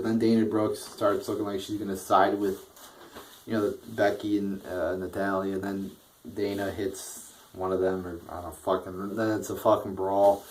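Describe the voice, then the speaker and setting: Man, lowish voice, crude rambling rant, swears constantly, bored and dismissive. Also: level tone, unhurried, darkish tone, a little hiss or hum, rough recording. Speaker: wrestling show reviewer. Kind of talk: casual profane rant review.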